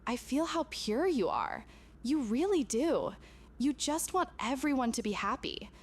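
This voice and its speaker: A woman's voice: high voice, big pitch swings, unhurried, breathy edge. A woman speaking earnestly and intimately to a camera, delivering a channeled spiritual message with emphatic repetition.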